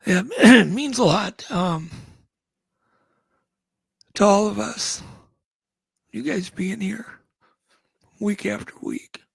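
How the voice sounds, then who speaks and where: High, gravelly-voiced male host. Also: slow, long pauses, no room sound. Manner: earnest, thankful. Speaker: radio show host. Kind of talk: show sign-off chat.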